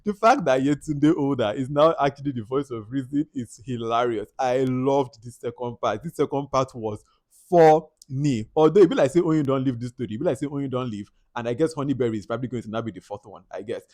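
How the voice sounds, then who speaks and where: A man's voice: mid-range voice, a little fast, a little mellow, dry recording. A young Nigerian man with a Nigerian accent gives a casual movie review, laughing often, mimicking characters and slipping into Pidgin. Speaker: film reviewer.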